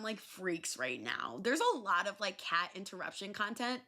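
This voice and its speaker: A young adult woman hosting a podcast, telling stories in a loose, animated way, swearing freely and filling pauses with ums and likes. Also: mid-range voice. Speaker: podcast host. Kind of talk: casual solo storytelling.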